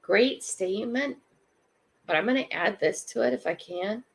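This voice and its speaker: Gravelly older woman hosting a chatty livestream. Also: medium pitch, moderate pace. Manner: chatty, reflective, greets viewers by name. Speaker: livestream host. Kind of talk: casual live chat.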